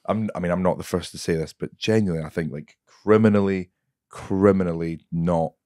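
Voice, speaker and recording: A man's voice: deep voice, steady tone, brisk, dark tone, dry recording, clean studio sound. A man, a guest comedian, telling rambling anecdotes with lots of swearing and laughter.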